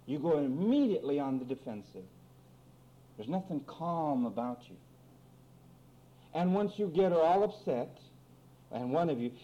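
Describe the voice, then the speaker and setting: A man preaching a lively sermon on marriage quarrels, acting out both spouses in mock voices and reading scripture. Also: fairly high pitch. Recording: dull lo-fi recording with faint room noise.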